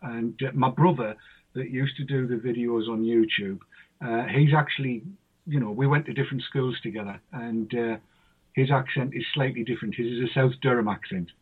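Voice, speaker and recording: A man with a Sunderland accent chats as a guest, friendly and jokey. His voice is slightly husky and comes through a tinny, phone-like line. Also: medium pitch, steady tone, a little fast. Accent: Sunderland English. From North East England. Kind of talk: casual chat.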